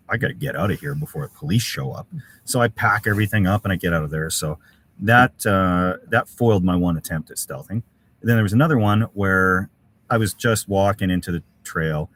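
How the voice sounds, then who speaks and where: A middle-aged man hosting a casual live stream from a winter campsite, reading out viewer comments and thanking people with lots of uhs and ums. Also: low voice. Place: outdoor winter camp in severe cold.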